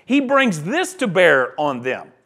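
A man's voice: sits high, big pitch swings, slow pace, fairly bright tone. A man preaching a sermon in an emphatic, conversational way, often checking in with the listeners. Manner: emphatic, conversational preaching with frequent "right?" asides. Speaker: pastor.

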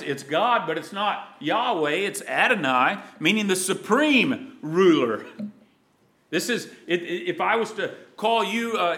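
A man preaching a sermon, dramatic, moving from loud emphasis to hushed, low lines.

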